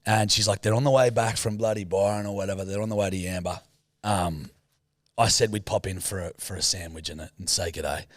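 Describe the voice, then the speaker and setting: Young Aussie male podcast co-host, low voice, dry close sound, sweary and animated. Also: a little fast, dry recording. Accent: Australian. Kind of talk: casual podcast banter.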